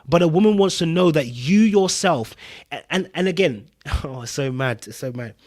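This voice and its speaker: A man's voice: on the high side, animated, normal speed, a little mellow. A man hosting a podcast in casual commentary, talking emphatically, repeating his points and checking in with his listeners. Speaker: podcast host.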